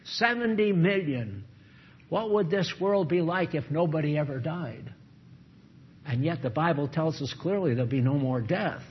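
An older man, a pastor, preaches a sermon packed with rhetorical questions and repeated lines for emphasis. His husky voice sits fairly high and sounds animated, moving at a moderate pace. The recording is dull and lo-fi.

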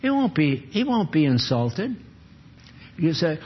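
An older man delivers a homespun sermon in a husky, slightly high voice. He talks plainly and chuckles, then rises into bursts of fervor. The old recording sounds muffled. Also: a little slow, long pauses. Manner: folksy and chuckling, jumps into animated bursts. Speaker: preacher. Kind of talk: informal sermon. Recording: dull lo-fi recording.

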